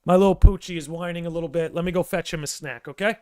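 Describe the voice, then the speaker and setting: A young man hosting a livestream, chatting casually and excitably, thinking out loud with quick restarts. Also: fairly high pitch. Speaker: podcast and livestream host.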